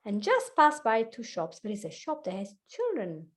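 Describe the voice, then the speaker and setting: Italian lady coach chatting quick, voice bouncing all over, laughs a lot. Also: fairly high pitch. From Italy. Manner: fast, animated, laughs often. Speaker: guest, hypnotherapist and life coach. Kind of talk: casual chat.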